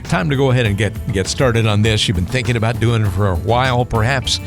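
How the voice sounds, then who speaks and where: A man hosting a radio show, upbeat, reading phone numbers slowly and repeating them. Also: on the low side. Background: music bed.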